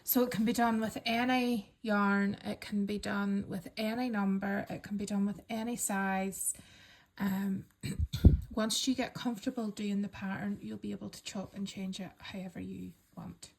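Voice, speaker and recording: A woman calmly talking learners through a crochet pattern step by step, counting stitches aloud and reassuring them. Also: medium pitch, measured pace, creaky. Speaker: crochet instructor. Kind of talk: step-by-step craft tutorial.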